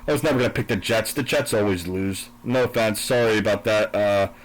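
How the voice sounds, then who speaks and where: A man's voice: fairly low pitch, fairly quick, low-quality recording. A man giving a profane, sarcastic, combative rant, then recapping his football picks. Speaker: sports and politics commentator.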